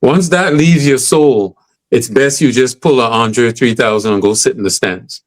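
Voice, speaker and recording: A man making his points with emphasis in a loose podcast conversation, at an ordinary middle pitch. He keeps drawing the listener in with "right?" and "you know?" between his thoughts. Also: normal speed. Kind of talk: casual podcast chat.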